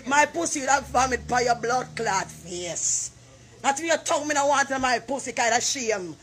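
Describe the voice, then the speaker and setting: A Jamaican woman in her forties, loudly cursing and taunting someone in a heated argument. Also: high voice, normal speed, faint music behind. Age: 40s.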